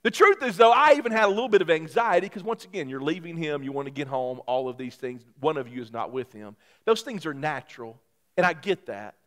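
A male pastor tells a personal story during his sermon, delivering it briskly and with lots of animation. When excitement takes hold, his voice climbs high and gets loud.

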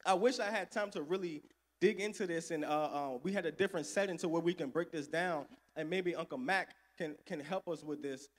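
Preacher guy, high voice, calls out to the crowd, loud then soft, echoey church hall. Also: fairly quick, slight background noise. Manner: call-and-response preaching, swings between loud and soft. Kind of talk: sermon. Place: church sanctuary.

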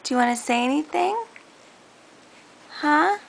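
A woman's voice: sits high, animated, measured pace, vocal fry, a little hiss or hum. A woman coaxing her baby in a home video, with sing-song baby talk. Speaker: mother talking to her baby.

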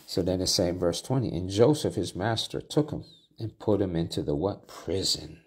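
A man's voice: sits low, animated, normal speed, husky. A man preaching a Bible study sermon, reading scripture aloud and then explaining it in plain talk with restarts and asides.

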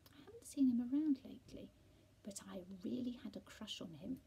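A woman's voice: a little high, expressive, brisk, creaky, warm tone, slight background noise, voice pushed up, poor audio. Woman voicing a sweet, coy lady cat. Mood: teasing. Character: elegant pretty female tortoiseshell cat, choosy.

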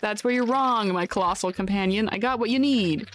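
A woman's voice: medium pitch, a little fast, faint music behind, close to an everyday voice. A woman voicing a sly male raccoon who deals in junk, reading his lines with cheeky hustler patter. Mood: boastful. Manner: cheeky dealer's patter, read aloud from game text.

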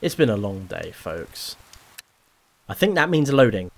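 A man's voice: on the low side, big pitch swings, unhurried, vocal fry. A man giving chatty, rambling, self-deprecating commentary while playing a video game. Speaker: let's play host. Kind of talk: casual gameplay commentary.

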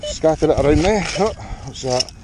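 A man's voice: on the high side, animated, normal speed, background noise. A Scottish man in a cold field, giving upbeat, chatty running commentary to his viewers as he digs for finds. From Scotland. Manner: chatty, upbeat, talks straight to the viewers while digging. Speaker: metal detecting vlogger.

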